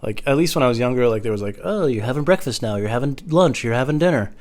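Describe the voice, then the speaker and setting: A young man doing a rambling, crude, self-mocking comedy monologue at home, jumping into silly high voices. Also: expressive, quick pace, darkish tone. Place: home room.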